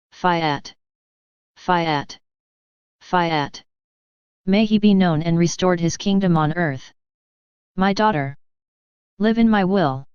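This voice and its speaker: A woman voicing Jesus in a devotional reading, speaking in a slow, solemn, measured way. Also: fairly low pitch, smooth, dry recording, lightly acted. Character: Jesus speaking tenderly to a soul, male. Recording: dull, dry, lo-fi audio.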